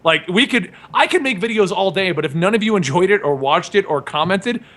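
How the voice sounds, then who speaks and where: A man's voice: high-pitched, lively intonation, brisk, fairly bright tone. A man co-hosting a podcast, talking in a casual, upbeat and joking way. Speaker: podcast co-host. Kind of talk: casual group chat.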